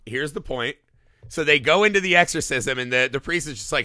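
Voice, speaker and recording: A man's voice: fairly high pitch, a little fast, sharp tone, no echo, clean studio sound. A man co-hosting a podcast, talking casually and profanely about a movie and acting out the lines he quotes. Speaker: podcast co-host. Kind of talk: casual movie review chat.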